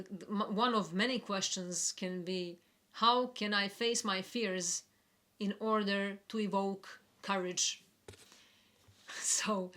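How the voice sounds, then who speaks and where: Slow, reflective woman giving a spiritual forecast. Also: mid-range voice. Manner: slow, reflective, gentle with soft laughs. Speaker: astrology forecaster.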